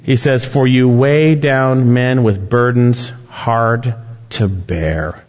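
A man's voice: takes it slowly, darkish tone. Man preaching emphatically in a reverberant hall. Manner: emphatic preaching, swelling and dropping in pitch and volume. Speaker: pastor. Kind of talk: sermon. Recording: long reverb, dull lo-fi sound.

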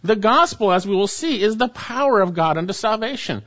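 A man's voice: high voice, lively intonation, brisk, a bit bright, muffled recording. A man preaching an expository sermon as pastor, emphatic and repeating key phrases for weight.

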